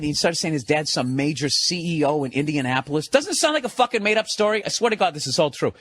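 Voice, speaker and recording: Comedian man, fairly high voice, swearing and cracking up through a story. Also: normal speed, no echo. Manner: profane, animated, laughing through the telling. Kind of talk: casual comic storytelling.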